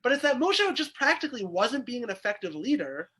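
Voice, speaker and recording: Over a video call, a man leads his weekly Torah class as a rabbi, explaining by asking questions aloud in a lively text study lecture. His voice is extremely high, husky, pushed and bright, delivered briskly and very animatedly.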